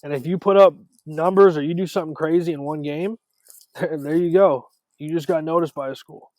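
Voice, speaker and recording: Dry-sounding man, quick casual talk. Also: fairly high pitch, dry recording. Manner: animated, talks in quick runs with repeated starts. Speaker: podcast guest, former college ballplayer. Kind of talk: casual podcast chat.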